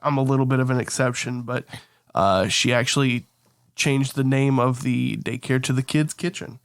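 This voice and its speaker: Smooth-voiced man playing a tabletop game. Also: mid-range voice, fairly even intonation, moderate pace, dry recording, studio quality. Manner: casual, describing his character's actions. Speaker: player. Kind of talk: tabletop game role-play.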